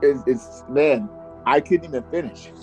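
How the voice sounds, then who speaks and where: A man's voice: medium pitch, a little slow, highs cut off, soft background music. Laid-back man telling a true-crime story. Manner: laughs easily, jokey and animated. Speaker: podcast host telling the story. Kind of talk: casual chat.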